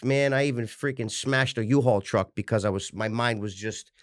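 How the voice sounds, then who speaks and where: A man's voice: mid-range voice, moderate pace, no echo, studio quality. A man in his forties, a fitness coach, telling his story as an interview guest in a passionate, rambling way, with restarts and swearing. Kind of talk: candid personal storytelling.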